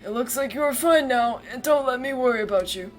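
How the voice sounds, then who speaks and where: A woman's voice: sits high, brisk, faint music behind, close to an everyday voice. A woman doing a curt, stern noble father. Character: stern aloof noble father, middle-aged.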